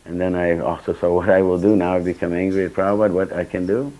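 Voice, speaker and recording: A man's voice: deep voice, level tone, fast talker, dark tone, low-quality recording. An older man giving a temple scripture class, telling personal stories and acting out the dialogue with sudden bursts of emphasis. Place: temple hall.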